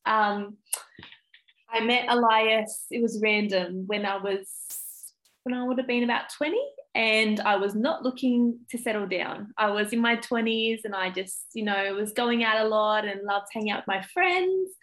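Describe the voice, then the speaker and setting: A woman's voice: a little high, normal speed, fairly bright tone, rough recording. A young Australian woman, a primary school teacher, talking as a podcast guest, getting emotional and tearful, with many ums. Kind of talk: casual interview chat.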